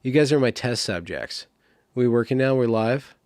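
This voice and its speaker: A man hosting a casual livestream, rambling and apologetic, losing his train of thought, with his voice in rough shape. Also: mid-range voice, animated, normal speed, a little mellow, no room sound, studio quality. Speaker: livestream host.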